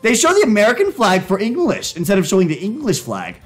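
A young man on a live stream, joking as he reads prompts aloud. His voice sits high and swings widely in pitch. Faint music plays quietly behind him. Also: huge pitch swings, fast. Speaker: livestreamer. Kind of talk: casual live-stream commentary.

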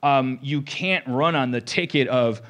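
A man hosting a podcast, talking in a rambling, animated way, restarting sentences and swearing. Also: mid-range voice, unhurried. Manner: rambling, restarts often, swears, acts out quotes. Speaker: podcast host. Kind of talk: rambling comedic podcast talk.

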